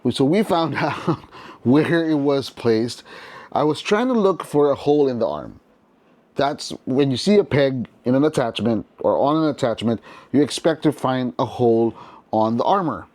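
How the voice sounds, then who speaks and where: A man's voice: mid-range voice, lively intonation, normal speed, darkish tone. A man hosting a casual toy unboxing review, chatty and enthusiastic, talking straight to his viewers with frequent restarts.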